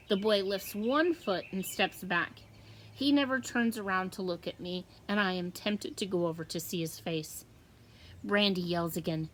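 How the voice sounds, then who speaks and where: A woman teacher reading a novel aloud with slow, expressive storytelling. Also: lowish voice, slight background noise.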